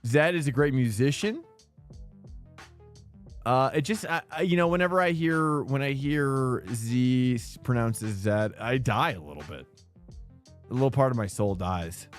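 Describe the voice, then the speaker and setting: A loose, chatty man streaming his sim racing and talking to chat. His pitch jumps around a lot as he rambles. Faint music plays behind him. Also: expressive, unhurried. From United States. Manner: loose and chatty, says dude and bro a lot. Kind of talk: casual live-stream chat.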